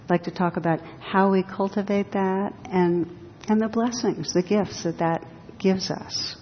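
A woman giving a dharma talk as a meditation teacher, speaking slowly and reflectively with touches of gentle humor. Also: fairly even intonation. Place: hall with a live audience. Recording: reverberant hall, dull sound, faint rumble.

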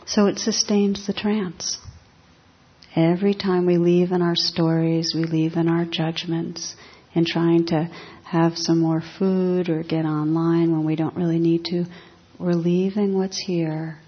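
A woman meditation teacher giving a dharma talk in a calm, reflective, unhurried way. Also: lowish voice, slightly rough. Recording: dull lo-fi talk recording.

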